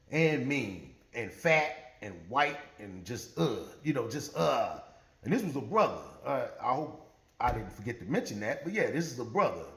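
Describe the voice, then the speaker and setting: A man telling a true story in a casual, profane, laughing way, with roomy echo. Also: mid-range voice. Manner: profane, animated, laughing often.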